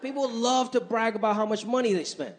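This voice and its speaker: A man doing a stand-up comedy routine, animated and acting out his mother's voice. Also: extremely high pitch, fairly quick. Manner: animated, acts out his mom's voice. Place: comedy stage before a live audience. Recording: live club with crowd and noise.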